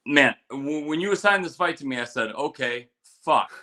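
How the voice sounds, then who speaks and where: A middle-aged man, a veteran co-hosting a casual show, telling stories and giving fight picks with lots of profanity and animated quoting. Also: on the high side, brisk. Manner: storytelling, profane, animated quotes. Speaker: podcast co-host, military veteran.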